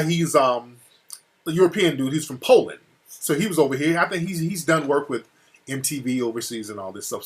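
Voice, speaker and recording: A man talking casually as an interview guest, telling a profane, animated story that gets heated. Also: on the high side, breathy edge. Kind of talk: casual phone-style conversation. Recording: call audio cutting out.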